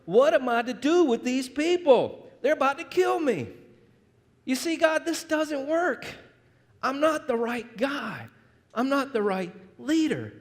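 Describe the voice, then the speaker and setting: A man's voice: very high-pitched, lively intonation, unhurried, voice pushed up, exaggerated voice. A man acting out Moses as a whiny, self-doubting reluctant leader who pleads and complains. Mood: pleading. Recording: reverberant church hall.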